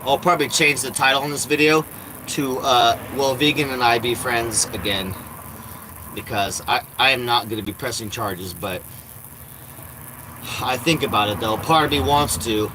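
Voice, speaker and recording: A man's voice: medium pitch, normal speed, background noise. Profane, blunt man vlogging from an RV. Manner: blunt, profane, talks to his cats in baby talk. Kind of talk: casual rambling vlog. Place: inside an RV.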